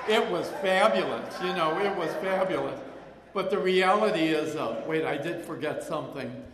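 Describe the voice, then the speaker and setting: A man's voice: on the high side, normal speed, background noise. An older man sharing a personal recovery story, rambling with restarts and acting out voices of people he remembers. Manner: rambling, with many restarts and acted-out quotes. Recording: echoey hall with long reverb.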